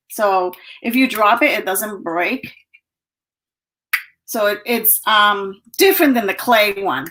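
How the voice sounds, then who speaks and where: A woman's voice: fairly high pitch, fairly bright tone. A woman on a video call, showing her handmade clay pieces in a chatty, breathless way with little laughs. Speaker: guest artisan. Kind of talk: casual show-and-tell.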